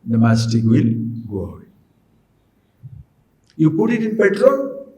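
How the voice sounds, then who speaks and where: Lively man teaching. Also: on the high side, takes it slowly, reverberant, rough recording. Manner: animated, rhetorical questions to listeners. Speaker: spiritual teacher. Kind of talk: spiritual discourse.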